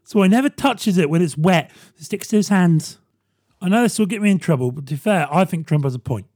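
A man's voice: high-pitched, lively intonation, a little mellow, no room sound, clean studio sound. Sardonic man doing a comedy monologue. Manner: sardonic, quick asides to the listener. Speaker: podcast host. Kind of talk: stand-up style comedy monologue.

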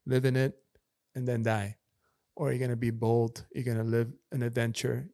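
A man's voice: mid-range voice, level tone, moderate pace, vocal fry, mellow, no room sound, clean studio sound. A man in a casual podcast chat, talking earnestly and repeating his key points like a preacher.

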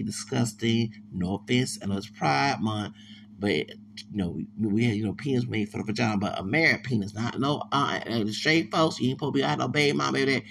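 Gravelly man rambling through a podcast story. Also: mid-range voice, a bit bright, a little hiss or hum. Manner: rambling, emphatic, repeats words and restarts often. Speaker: podcast host. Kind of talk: casual monologue storytelling.

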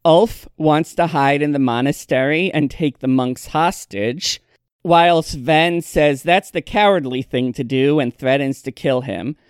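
A man's voice: a little high, measured pace, clean tone, dry recording. A man casually recapping a TV episode for a podcast, with dry, wry asides.

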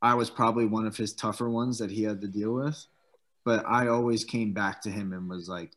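A man's voice: on the low side, steady tone, a little fast, a bit bright. A man in his thirties, a former football player, telling laid-back stories in casual chat and swearing freely.

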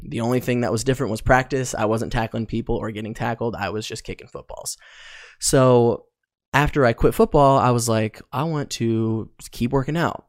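A man's voice: mid-range voice, no echo, clean studio sound. Rambling young man hosting a podcast. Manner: rambling, loose, with many ums and likes. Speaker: podcast host. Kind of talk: casual solo podcast monologue.

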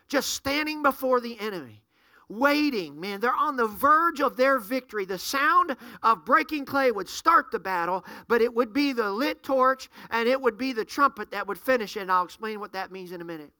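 A man's voice: very high voice, animated, moderate pace, sharp tone, no echo, studio quality. A man preaching a sermon, fervent and full of rhetorical questions to the congregation.

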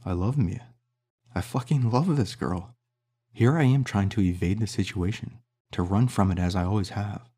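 A man's voice: lowish voice, normal speed, dark tone, breathy edge. A man voicing a young man who speaks earnestly and confessionally to the woman he loves. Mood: anguished.

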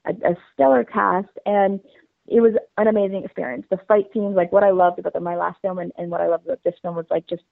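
A woman's voice: mid-range voice, level tone, fast, creaky, no echo. A woman being interviewed, telling her story in a bubbly, rambling way with many fillers. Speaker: interview guest. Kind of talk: casual interview. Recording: dry, phone-like line.

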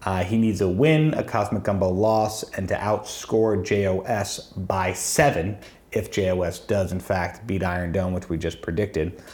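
A man's voice: sits low, normal speed, a little mellow. A man co-hosting a fantasy football podcast, talking through matchups in a chatty, analytical way with frequent ums. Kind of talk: casual sports chat.

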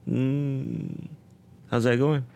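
A man's voice: medium pitch, steady tone, drawn-out words, creaky, mellow. A man hosting a casual interview, curious and chatty, asking his guest many questions. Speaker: interview host.

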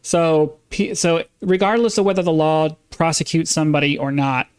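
Male podcast host, fairly high voice, insistent opinion rant. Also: moderate pace, clean tone. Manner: emphatic, insistent, with frequent restarts. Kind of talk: opinion monologue.

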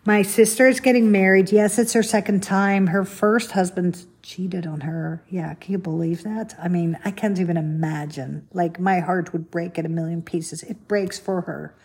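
Husky-voiced woman chatting on a podcast. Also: lowish voice, steady tone, normal speed, few pauses, darkish tone. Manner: chatty and confiding, asks the listener questions. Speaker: podcast host. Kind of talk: casual solo podcast chat.

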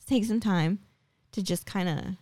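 A woman's voice: mid-range voice, unhurried, a little mellow, no echo. A woman in her forties hosting a podcast, telling a personal story in a chatty, casual way full of tag questions and fillers. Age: 40s. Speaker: podcast host.

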